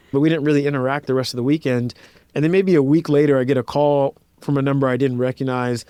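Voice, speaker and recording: A fast-talking man in his thirties, a composer and pianist, recounts stories in a relaxed interview with a casual, reflective manner. His mid-range voice is steady and warm, clear and resonant, heavy on "like", and he voices the people he quotes. The studio-quality recording is dry.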